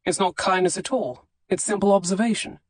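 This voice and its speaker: Woman reading teasing aristocratic gentleman, wry understatement, mid pitch, audiobook dialogue, dry booth sound. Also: brisk, no room sound, natural voice.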